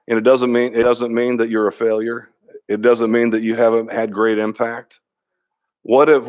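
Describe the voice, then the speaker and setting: A middle-aged man pastor preaching a sermon in a conversational way, often restarting and repeating words, and telling stories with quoted dialogue. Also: medium pitch.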